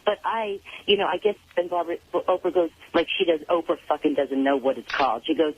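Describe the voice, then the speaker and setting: A woman's voice: lowish voice, expressive, a little fast, husky. A woman calling in to a radio show, ranting in a profane, agitated way and tearful at times, talking over the hosts. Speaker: caller. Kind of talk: heated call-in rant. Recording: dull phone-line call on radio.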